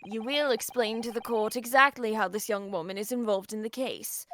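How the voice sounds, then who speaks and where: A woman's voice: fairly high pitch, moderate pace, background noise, natural voice. Woman playing a pompous old judge. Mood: stern. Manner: stately, pompous. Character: pompous elderly male British judge. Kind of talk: voicing a game character on stream. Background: background music.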